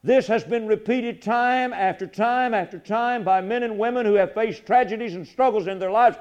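A middle-aged man preaching a sermon, swinging from loud, fervent lines to hushed ones and repeating his phrases. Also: high-pitched, normal speed, hardly any pauses. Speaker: pastor.

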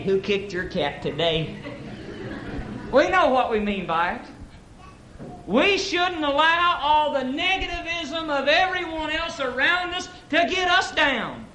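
A man's voice: high-pitched, sharp tone, roomy sound, a little hiss or hum, low-quality recording. A man preaching a folksy, emphatic sermon at an evening church service, telling a story and acting out its characters.

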